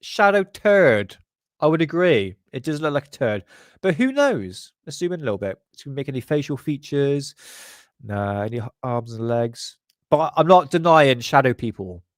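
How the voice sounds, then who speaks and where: Male vlog host, crude and jokey, mid-pitched, dry close mic. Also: big pitch swings, moderate pace, dry recording. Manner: crude, joking, laughs often. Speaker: channel host. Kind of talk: casual commentary on paranormal photos.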